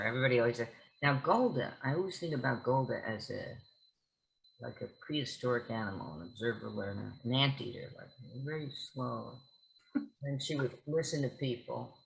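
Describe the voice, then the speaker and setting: A woman's voice: extremely low pitch, creaky, pushed and bright, low-quality recording. A woman actress as a guest at a book talk, telling stories in a vivid, theatrical way. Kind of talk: onstage conversation at a book talk.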